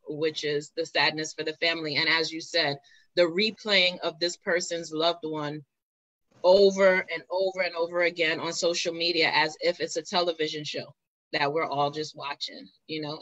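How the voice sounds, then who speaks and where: A woman host speaking reflectively in a live interview, pausing and restarting as she thinks. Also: low-pitched, fairly even intonation, pushed and bright, no echo, highs cut off. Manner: reflective, halting, with fillers.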